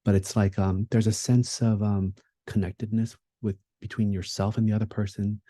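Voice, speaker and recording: A man with a low, very warm and mellow voice delivers a keynote talk. He speaks in a reflective, conversational way, often pausing with fillers and restarting sentences. The sound is dry and close. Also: level tone, no room sound.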